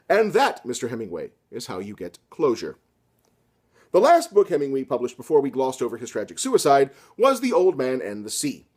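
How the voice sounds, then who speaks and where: A man delivering a satirical scripted literature lecture with deadpan, sarcastic asides. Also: on the high side. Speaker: comedy lecturer.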